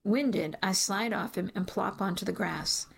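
A woman reading a first-person story aloud as an audiobook narrator, in a measured storytelling manner. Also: medium pitch, gravelly, a little hiss or hum.

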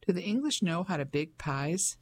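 A man's voice: sits high, animated, moderate pace, dry recording. An audiobook narrator voicing a flirtatious French fisherman who talks boldly and teasingly. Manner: bold, teasing.

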